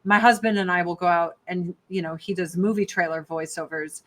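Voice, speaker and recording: Bright-voiced joking woman on a call. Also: fairly low pitch, steady tone, a little fast. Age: older. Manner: candid, joking, swears freely. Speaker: podcast guest. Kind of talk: casual podcast chat. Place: rural home. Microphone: video call.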